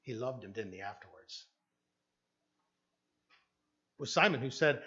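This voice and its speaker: A man preaching a sermon as pastor with a Canadian English accent, moving from hushed tones to loud emphatic passages and acting out the voices in his stories. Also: medium pitch, animated, unhurried, pauses often, lo-fi sound.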